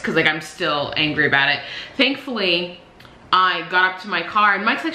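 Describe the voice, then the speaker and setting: A woman's voice: on the low side, normal speed. Venting young woman vlogger, echoey room. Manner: animated venting, swears, many fillers. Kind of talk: casual ranting storytime. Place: indoors at home.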